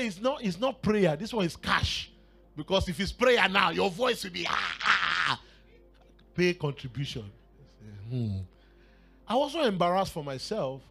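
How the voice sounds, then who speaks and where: In a church sermon, a Nigerian-accented man whose voice sits a little high recounts a personal story. Laughter and shouted exclamations punctuate his preaching.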